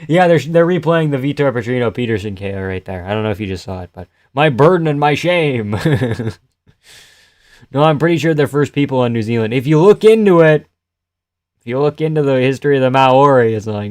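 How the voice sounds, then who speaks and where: A man hosting a live fight-reaction stream, chatting loosely and profanely with his viewers and often trailing off quietly. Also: mid-range voice, dry recording, clean studio sound. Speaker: live-stream host reading chat.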